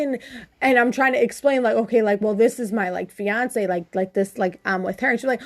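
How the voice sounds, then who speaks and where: A woman podcast co-host in casual chat, telling stories in a chatty, expressive way. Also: a little high, a little fast.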